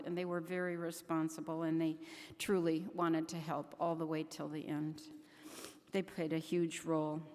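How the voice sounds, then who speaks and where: An older woman gives an earnest conference talk, speaking haltingly and often restarting her sentences. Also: lowish voice. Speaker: keynote speaker. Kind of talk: conference speech. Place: large conference hall. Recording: echoey hall.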